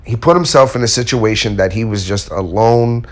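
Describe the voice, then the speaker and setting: A man's voice: fairly low pitch, moderate pace. A man speaking casually and candidly to his viewers, giving self-help advice and telling a personal story with acted-out quotes. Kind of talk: casual motivational talk to viewers.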